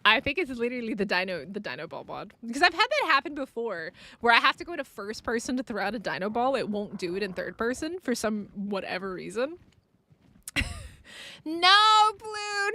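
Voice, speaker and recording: A woman gaming streamer with a high, bright voice that swings widely in pitch. She talks her way through her gameplay live, excitable and quick to burst into exclamations and laughter. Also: no room sound. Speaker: game streamer.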